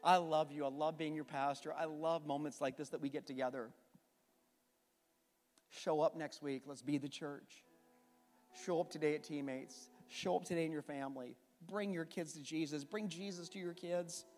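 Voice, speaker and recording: A pastor preaches with fervent conviction, his voice sitting a little high for a man and climbing into impassioned peaks. His words ring out through a reverberant church sanctuary. Soft music plays faintly underneath. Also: steady tone, moderate pace. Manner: fervent, rising to impassioned emphasis. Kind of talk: sermon and closing prayer.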